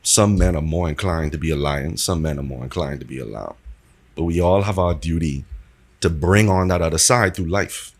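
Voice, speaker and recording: A man speaking as a podcast guest in a measured, reflective way. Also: a bass voice. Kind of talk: casual podcast conversation.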